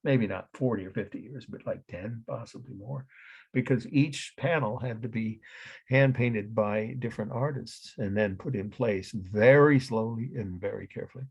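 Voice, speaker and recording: A man's voice: lowish voice, normal speed, vocal fry, breathy edge. A middle-aged man teaching an art history lecture, explaining at length with rambling asides and self-corrections. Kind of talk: classroom lecture.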